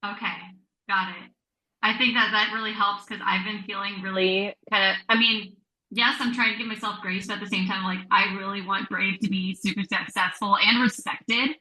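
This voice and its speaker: A woman's voice: mid-range voice, fairly even intonation, normal speed, pushed and bright, roomy sound, low-quality recording. A woman coach on a group call, speaking earnestly and questioning herself. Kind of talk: casual chat.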